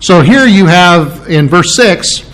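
A pastor delivers a sermon, walking his listeners through verses and hammering key words through repetition. His voice sits a little high for a man and swings widely up and down as he stresses each point. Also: expressive, slow pace, fairly bright tone, low-quality recording. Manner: preaching with emphatic repetition, explaining Greek terms.

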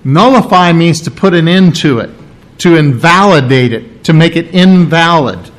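A man preaching a sermon, teaching in a halting way and clearing his throat often. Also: fairly high pitch, expressive. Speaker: pastor.

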